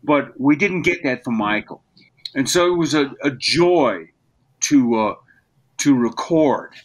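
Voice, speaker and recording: An older man, a voice actor, telling stories as a podcast guest, lively and given to slipping into character voices. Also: mid-range voice, slow. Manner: animated storyteller, slips into character voices. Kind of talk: interview conversation.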